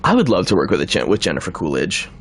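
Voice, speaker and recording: A man's voice: deep voice, huge pitch swings, quick pace. A man from Canada chatting casually while he plays a video game, rambling, laughing often and slipping into impressions. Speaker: streamer playing a video game. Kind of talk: casual chat while gaming.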